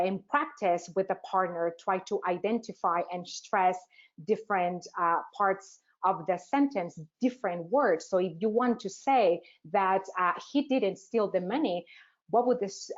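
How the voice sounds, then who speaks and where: A woman teacher trainer presenting a webinar, asking rhetorical questions and pausing often with "uh" fillers. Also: medium pitch. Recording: dull, lo-fi webinar audio.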